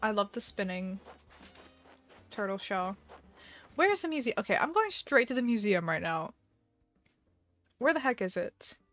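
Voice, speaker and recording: A woman's voice: mid-range voice, sing-song, unhurried, long pauses, a bit bright, faint music behind. A young woman live-streaming a video game, chatting casually with a giggly, dramatic manner and mock panic.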